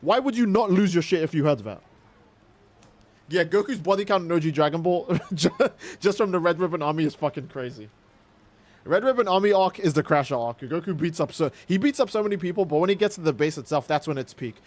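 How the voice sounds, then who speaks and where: A young man in casual livestream commentary, talking in an excitable, profane, rambling way. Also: fairly high pitch, brisk. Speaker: streamer.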